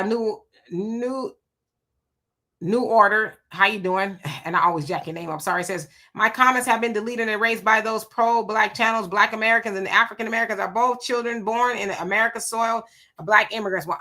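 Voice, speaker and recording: Bright-voiced woman hosting a live chat. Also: mid-range voice. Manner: greets viewers by name and reacts to comments conversationally. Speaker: livestream host reading viewer comments. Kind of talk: casual live-stream chat.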